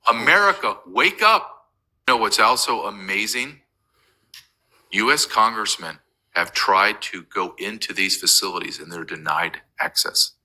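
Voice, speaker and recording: A man's voice: low voice, measured pace, pushed and bright, rough recording. A man as an interview guest, talking urgently and emphatically, with frequent restarts. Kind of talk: impassioned remote interview.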